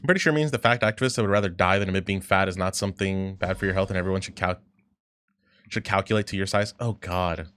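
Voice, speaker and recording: A man's voice: low voice, fast, fairly bright tone, no echo. A man livestreaming while gaming, chatting casually, reading chat aloud and reacting in a rambling, profane way.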